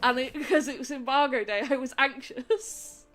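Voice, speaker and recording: A woman's voice: high voice, moderate pace, a bit bright. A woman with a Somerset accent, worn out after a long day, chatting casually on a gaming stream and laughing often mid-sentence. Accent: Somerset English.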